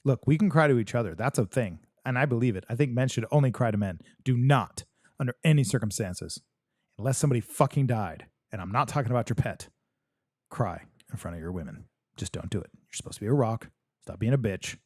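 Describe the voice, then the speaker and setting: A man's voice: medium pitch, animated, a little fast, darkish tone, dry recording, studio quality. A man hosting a live podcast stream, reading viewer comments aloud and answering them in a blunt, joking, profane way. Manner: blunt, profane, joking, talks straight to the audience. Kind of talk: casual livestream chat.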